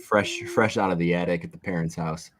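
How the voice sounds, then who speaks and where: A man co-hosting a casual sports podcast over a video call, chatting in a relaxed, fan-like way. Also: low voice, fairly quick, a little hiss or hum. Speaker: podcast co-host.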